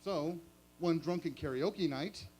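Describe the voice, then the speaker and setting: A man's voice: on the high side, slow pace, a little mellow, a little hiss or hum. A man doing stand-up comedy at a small open mic, chatty and self-mocking. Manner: chatty, self-mocking, chuckles at own jokes.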